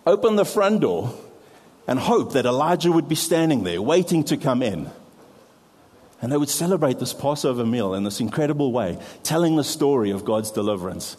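A man preaching to a congregation, his voice mellow and dark in tone. He explains patiently and steps aside now and then to poke fun at himself. Long reverb hangs around his words in the hall. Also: fairly high pitch. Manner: explains with props, self-deprecating asides. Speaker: pastor. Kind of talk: sermon.

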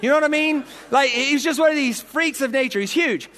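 A man's voice: very high-pitched, brisk, a bit bright. A man preaching a storytelling sermon, dramatic, acting out voices and punches. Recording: long hall reverb.

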